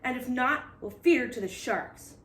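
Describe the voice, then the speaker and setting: Brief: a woman playing a growling storybook pirate captain, bossy and loud, in a roomy echo. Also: high voice, moderate pace, distant mic. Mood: blustering. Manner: growling, shouting threats. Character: gruff bellowing male pirate captain, short-tempered.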